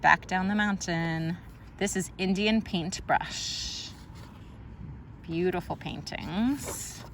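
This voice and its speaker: A woman's voice: on the low side, slow, fairly bright tone, slight background noise. A woman teacher reading a picture book aloud to a young child, patiently explaining names of plants and birds and asking questions along the way. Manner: patient, answers a child's interruptions.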